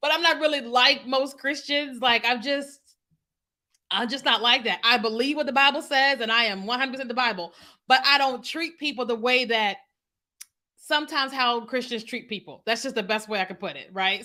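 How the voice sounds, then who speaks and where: A woman business coach with a somewhat high, pushed and bright voice chats casually with viewers on a livestream, often asking "you know what I mean?" She's using a computer mic on a streaming setup.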